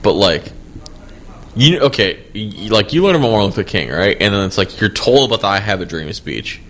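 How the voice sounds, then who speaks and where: A man on a casual comedy podcast, his low voice swinging widely in pitch as he riffs. He jokes crudely and laughs often, bantering with his co-host. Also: fairly quick. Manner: crude, joking, animated with frequent laughter.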